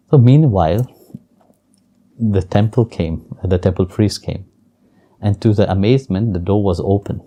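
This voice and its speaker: A low-pitched man with a mellow, dark voice, a spiritual teacher, gently tells spiritual stories during an interview, combining storytelling and spiritual teaching. His phrasing is simple and non-native, and he chuckles softly now and then. He speaks at normal speed with long pauses.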